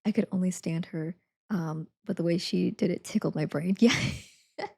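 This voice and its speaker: A woman's voice: fairly low pitch, moderate pace, creaky, warm tone, breathy edge. A young woman streamer chatting casually, rambling with lots of fillers and frequent giggles. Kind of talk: casual chat.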